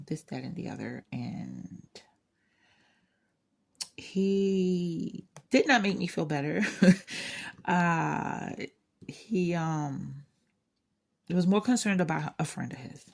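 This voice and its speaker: A woman's voice: lowish voice, creaky, a little mellow, husky. A woman hosting a craft channel, chatting casually and venting candidly, rambling with frequent restarts. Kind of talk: casual chat.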